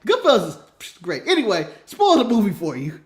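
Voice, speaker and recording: An American man co-hosting a casual podcast, excitable and profane, laughing often and acting out quotes. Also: high voice, brisk. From United States. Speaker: podcast co-host. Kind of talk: casual wrestling podcast chat.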